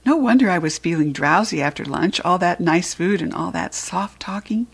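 A woman narrating a children's audiobook in an expressive, playful first-person storytelling manner. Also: fairly low pitch, normal speed, vocal fry, few pauses, breathy edge.

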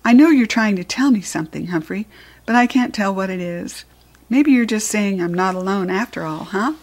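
A woman's voice: mid-range voice, animated, moderate pace. A woman voicing a cheerful, joking middle-aged man who cleans a school at night, in a storybook read-aloud. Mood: jovial. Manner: jovial, chatty, teasing.

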